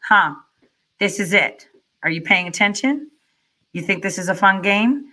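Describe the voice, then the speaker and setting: A woman's voice: mid-range voice, animated, a little slow, bright, forceful tone. A woman ranting angrily in profane reaction commentary, firing rhetorical questions at her viewers. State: furious.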